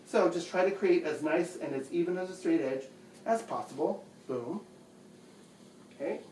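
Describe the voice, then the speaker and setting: A chatty man with a slightly raised pitch walks through a household task step by step, repeating phrases patiently. He is recorded in an echoey bedroom on a mic set some distance away, with faint room noise behind him. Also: moderate pace, darkish tone. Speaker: home video host. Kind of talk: casual how-to demonstration. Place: bedroom at home.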